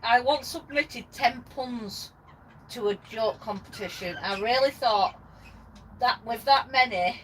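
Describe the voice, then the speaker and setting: A woman's voice: fairly high pitch, unhurried, distant mic, poor audio. A woman chatting and reading viewer comments on a boat-based craft livestream. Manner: chatty, giggly, reads viewer comments aloud. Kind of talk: casual live chat reading comments. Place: narrowboat workshop. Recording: loud background noise.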